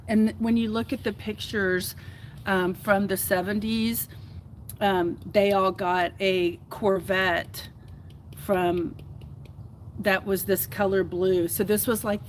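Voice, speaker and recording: A woman's voice: mid-range voice, a little hiss or hum, poor audio. A woman from Houston, hosting her own podcast and talking earnestly to camera in a heartfelt, rambling way. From Houston, Texas. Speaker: podcast host. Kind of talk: casual solo talk to camera.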